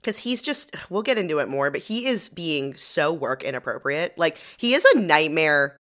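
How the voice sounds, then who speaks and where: Low-voiced sarcastic woman podcaster. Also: big pitch swings, moderate pace, fairly bright tone. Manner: sarcastic, swears freely. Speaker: podcast co-host. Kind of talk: casual recap chat.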